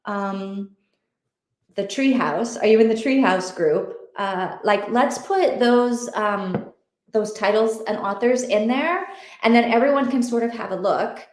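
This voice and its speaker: A woman's voice: a little high, measured pace, echoey room. A woman hosting an online reading group, chatting casually and thinking aloud with many fillers. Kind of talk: casual livestream chat.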